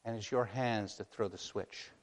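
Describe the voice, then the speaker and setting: A man preaching a sermon, moving between hushed, slow passages and loud, impassioned warnings. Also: lowish voice, steady tone. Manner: dramatic, swings from hushed to impassioned. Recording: long hall reverb.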